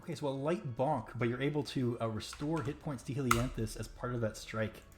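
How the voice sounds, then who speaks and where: A man at a middle pitch running a tabletop game, describing monsters and dice results in a relaxed, chatty way with lots of "um"s. Faint music sits behind him. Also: a little fast. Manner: chatty, filler-heavy narration. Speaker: game master.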